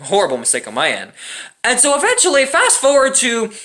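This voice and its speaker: A man's voice: very high voice, brisk. A young man telling a personal relationship story in a casual, profane rant, often checking in with "right?". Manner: animated and profane, keeps tagging "right?".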